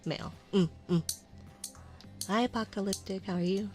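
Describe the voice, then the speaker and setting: A woman streamer chatting casually in an ASMR stream, rambling and often dropping into a soft whisper. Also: mid-range voice, moderate pace, faint music behind. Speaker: VTuber streamer.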